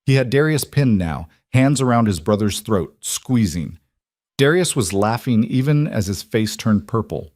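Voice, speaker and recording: Low-voiced man narrating an audiobook. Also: animated, normal speed, darkish tone, no room sound, studio quality. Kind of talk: scripted narration.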